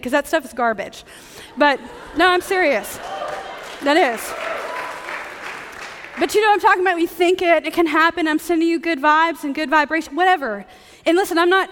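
A woman preaching a sermon with a bright, high-pitched voice, chatty and joking with the congregation. Her words ring out with the long reverb of a large church hall. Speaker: pastor.

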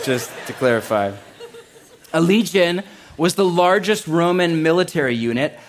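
Speaking at medium pitch, this male pastor delivers a sermon to a congregation gathered live in church. He keeps it loose and chatty, cracking jokes and leaning on the word "like."

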